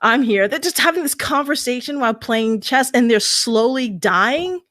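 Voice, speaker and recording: A woman guest on a podcast telling a story in lively casual chat, laughing as she goes. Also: sits high, normal speed, dry recording, studio quality.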